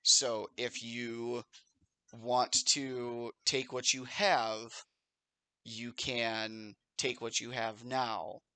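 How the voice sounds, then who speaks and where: A man's voice: medium pitch, level tone, drawn-out words, sharp tone, smooth, dry recording. A man narrating a tabletop role-playing game as game master, explaining the rules patiently between bits of story.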